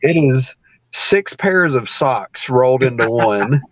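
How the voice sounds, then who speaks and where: Laughing, rambling wrestler guest. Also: male voice, medium pitch, expressive, slow, a little hiss or hum. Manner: laughs often, rambling with many fillers. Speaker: professional wrestler, podcast guest. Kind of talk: casual storytelling.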